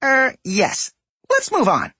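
A man voicing a naive, cheerful young goblin woman inventor in a high, earnest voice in an audiobook reading. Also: wildly swooping pitch, slow pace, bright, forceful tone, slight background noise, exaggerated voice. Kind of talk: audiobook character voice.

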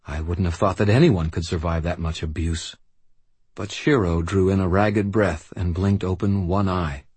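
A man reading a first-person audiobook in a grim, steady way. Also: sits low, normal speed, slightly rough, no room sound. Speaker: audiobook narrator.

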